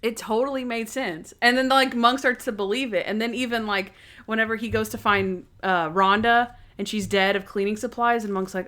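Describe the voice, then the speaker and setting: A woman's voice: on the high side, steady tone, moderate pace, a bit bright. A woman co-hosting a podcast in casual chat, animatedly acting out scenes with quoted voices and frequent laughter. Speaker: podcast co-host. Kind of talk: casual chat recapping a TV episode.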